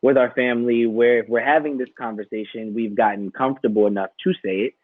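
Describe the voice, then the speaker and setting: A man co-hosting a casual panel talk, telling a personal story in an animated way and acting out the dialogue. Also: medium pitch, fast, no echo. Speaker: podcast co-host. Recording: dry, thin phone-like sound.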